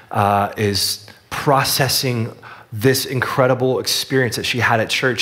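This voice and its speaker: A man preaching a sermon as pastor, telling a story earnestly and dropping his voice softly on the key lines. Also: medium pitch.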